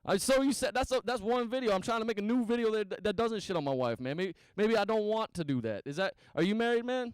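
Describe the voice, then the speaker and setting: Profane rambling stand-up comic. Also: male voice, high voice, lively intonation, quick pace, clean tone, no echo. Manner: profane, rambling, self-mocking. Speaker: stand-up comedian. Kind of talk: interview then stand-up set. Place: small comedy venue. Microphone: handheld stage mic.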